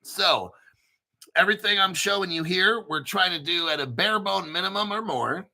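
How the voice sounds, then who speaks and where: A man hosting his own channel in a casual monologue, emphatic and repetitive, rambling and swearing, often clearing his throat. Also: fairly high pitch, bright, forceful tone. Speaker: crypto channel host.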